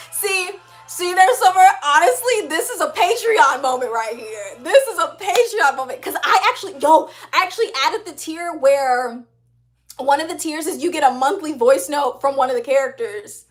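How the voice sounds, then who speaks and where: Young female streamer, high voice, animated and laughing, casual chat over soft background music. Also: moderate pace. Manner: animated and upbeat, laughs often, uses slang. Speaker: livestream host, animator. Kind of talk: casual livestream chat reading comments.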